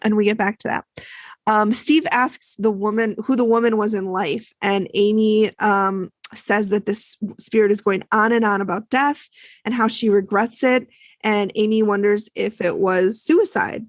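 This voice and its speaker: A woman's voice: medium pitch, steady tone, a little slow, no echo. A woman co-hosting a podcast, casually recapping a TV episode and acting out the lines people said. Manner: chatty, retells scenes with quoted lines.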